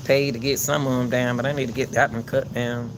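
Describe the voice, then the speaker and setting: A man hosting his own channel, giving casual spoken commentary in a loud, projected coach's voice, emphatic and preachy, often repeating himself. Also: medium pitch, flat delivery, fairly quick, noisy background. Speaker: channel host commenting on a court case.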